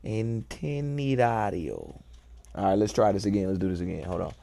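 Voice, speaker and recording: A man hosting a casual show, thinking aloud in a relaxed, playful way and enjoying wordplay. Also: low-pitched, very fast, vocal fry, husky. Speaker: host. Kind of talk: casual musing talk.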